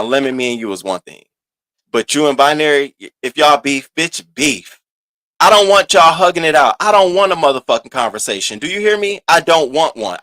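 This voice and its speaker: Sassy, animated man doing gossip commentary. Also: no room sound. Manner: animated and profane, swinging between loud outbursts and low asides; sassy, drawn-out emphasis. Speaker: host of a commentary channel.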